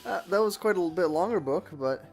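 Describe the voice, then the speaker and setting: A man's voice: high voice, expressive, faint music behind. Wry man chiming in. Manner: quick, wry interjections. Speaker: let's play co-host. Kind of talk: casual chat.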